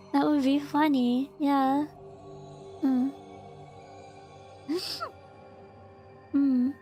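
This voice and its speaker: A woman streamer chatting casually, reading a text aloud and breaking off with giggles, fillers and squeaky bursts of disbelief. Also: extremely slow, pauses often, mellow, faint music behind. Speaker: VTuber streamer.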